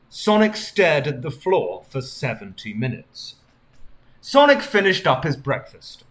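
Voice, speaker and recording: A male streamer reads silly fan fiction aloud in a mock-dramatic tone, chuckling through it. His voice is bright and lively, jumping around in pitch. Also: a little slow. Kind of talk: comedic fan-fiction reading.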